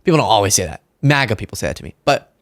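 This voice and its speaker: A man's voice: lowish voice, rapid-fire, no echo, clean studio sound. A young man hosting a political commentary show, talking in a sarcastic, mocking monologue. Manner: sarcastic, animated, mocks opponents in put-on voices.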